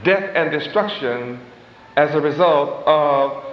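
A man's voice: a little high, a little hiss or hum. A man preaching a sermon in a dramatic, folksy style, stretching out words for emphasis, with chuckling asides and loose grammar. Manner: dramatic, swooping emphasis, slow drawn-out stresses. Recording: echoey hall, muffled old tape.

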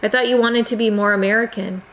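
An exasperated American teenage boy, earnest and insistent, his voice climbing as he pleads. A woman reads him aloud in a storybook narration. The tone stays close to an everyday voice, lifted a little higher. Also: fairly even intonation, fast talker, fairly bright tone, low-quality recording. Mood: pleading.

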